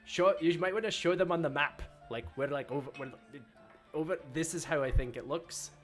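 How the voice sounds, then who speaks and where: A man's voice: on the high side, fairly quick, faint music behind. A man playing a tabletop game, chatty and joking as he describes his character's actions. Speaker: player. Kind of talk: casual tabletop role-play.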